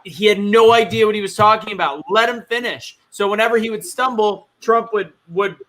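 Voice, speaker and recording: A man with a high, bright voice co-hosts a casual chat. He talks in a hesitant, musing way and often restarts his sentences. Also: brisk.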